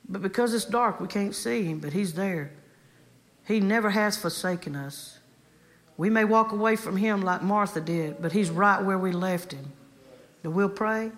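A woman's voice: medium pitch, lively intonation, measured pace. Woman guest preacher, fervent sermon delivery, repetitive cadence, mid-range voice.

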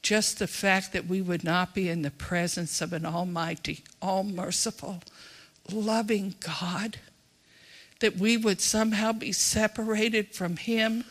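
Bright-voiced preacher with a drawl. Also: mid-range voice. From Texas. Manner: folksy, emphatic, swings between loud and hushed. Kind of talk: sermon.

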